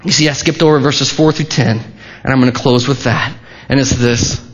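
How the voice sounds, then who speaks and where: A man's voice: medium pitch, steady tone, moderate pace. A man preaching a sermon as a pastor, in a conversational way with restarts and asides. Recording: dull, lo-fi sermon recording.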